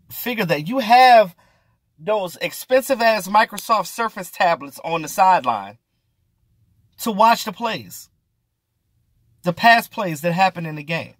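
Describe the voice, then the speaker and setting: A sports vlogger rants through casual, exasperated commentary full of slang and swearing, hammering points home by repeating them. His mid-range voice is a bit bright, with no echo.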